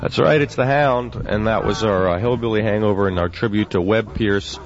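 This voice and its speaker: A man's voice: lowish voice, moderate pace, over music. A man hosting a radio show, chatting casually and reading odd news items with a wry, offhand manner, on a dull lo-fi broadcast. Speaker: radio DJ host.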